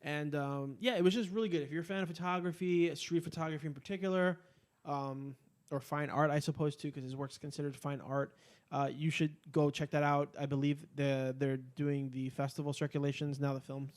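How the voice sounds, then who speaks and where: A man co-hosts a podcast in loose, rambling chat. He curses freely and rants with heat. His voice sits a little high for a man. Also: brisk. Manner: profane, rambling, animated ranting. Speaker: podcast co-host. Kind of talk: casual chat.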